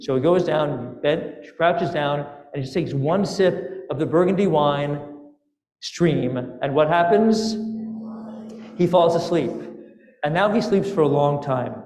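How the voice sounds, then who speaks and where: Playful rabbi telling a tale. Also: male voice, fairly high pitch, measured pace. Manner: lively, playful storyteller with asides to the congregation. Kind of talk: sermon storytelling. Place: synagogue sanctuary. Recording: echoey sanctuary with long reverb.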